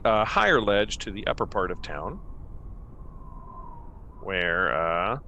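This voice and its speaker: A man's voice: lowish voice, expressive, takes it slowly, long pauses, sharp tone, slight background noise. A man narrating a tabletop game as game master, meandering with many fillers.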